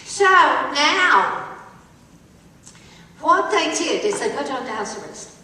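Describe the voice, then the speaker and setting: Lady storyteller, slow and dramatic, asks the crowd questions, super echoey hall, mic far off. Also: high voice, big pitch swings, bright, forceful tone, slight background noise. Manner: dramatic, drawn-out, quizzing listeners. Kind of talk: live storytelling to an audience.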